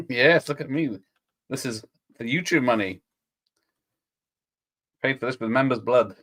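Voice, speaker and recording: A man's voice: mid-range voice, takes it slowly, fairly bright tone, no room sound, clean studio sound. A man hosting a casual live stream, rambling and chuckling as he reads out viewers' chat comments.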